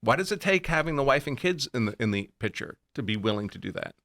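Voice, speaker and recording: A man's voice: medium pitch, lively intonation, fast, fairly bright tone. A man on a podcast panel, arguing his point emphatically in a casual debate. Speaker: panel guest.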